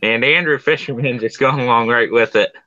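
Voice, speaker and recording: A man chatting on a live stream in a halting way, trailing off mid-sentence. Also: mid-range voice, bright, forceful tone, no echo. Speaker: guest. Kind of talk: casual live-stream chat. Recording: dull, dry lo-fi audio.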